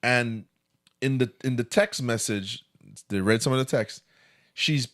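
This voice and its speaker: Guy cohosting a chat show, lively storyteller, acts out voices, mid pitch. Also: unhurried. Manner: animated storyteller, acts out quotes. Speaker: co-host. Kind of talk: casual podcast discussion.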